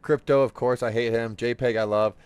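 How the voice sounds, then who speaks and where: A man hosting a gaming podcast, telling stories in casual, profane, animated chat while he plays. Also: medium pitch, a little fast, heavy background noise. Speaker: streamer and podcast host.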